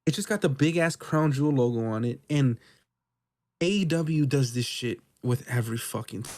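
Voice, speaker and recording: A man co-hosting a podcast, recapping wrestling in casual, profane, excitable chat. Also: medium pitch, moderate pace. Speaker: podcast co-host.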